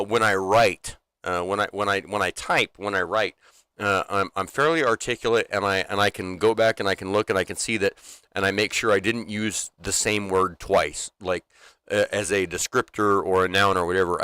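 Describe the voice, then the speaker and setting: A man's voice: deep voice, steady tone, normal speed, sharp tone, clear, resonant tone, no room sound. A man co-hosting a livestream in casual, unfiltered chat, rambling with lots of restarts and fillers and swearing freely. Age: adult, former military. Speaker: livestream co-host.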